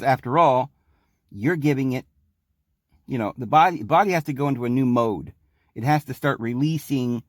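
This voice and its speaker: A man's voice: on the high side, dry recording, clean studio sound. A man hosting a podcast in a rambling, emphatic monologue, sometimes acting out the people he quotes. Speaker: podcast host. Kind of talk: casual monologue.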